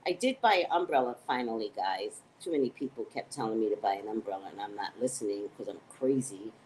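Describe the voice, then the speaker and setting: At a quick pace, with slight background noise and a rough recording, a woman from the United States holds a casual live-stream chat. She's a psychic with her own live morning show who rambles, drifts between topics, swears freely and pokes fun at herself. Lively throughout, she swings into high, excited tones.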